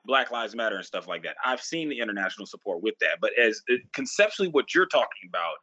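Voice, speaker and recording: Lively, emphatic ranting man. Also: lowish voice, fast, slightly rough, dull audio. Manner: emphatic, ranting, profane, repeats phrases for force. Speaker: podcast host. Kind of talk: casual podcast conversation.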